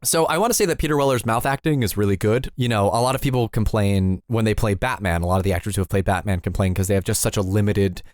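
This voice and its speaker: A man's voice: on the low side, fast, hardly any pauses, no echo, clean studio sound. A man co-hosting a podcast, recapping a film in casual chat with wry, analytical asides. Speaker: podcast co-host.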